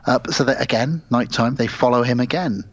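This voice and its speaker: A man's voice: mid-range voice, a little fast, dry recording, muffled recording. A man co-hosting a podcast in casual chat, retelling a film plot step by step. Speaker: podcast co-host.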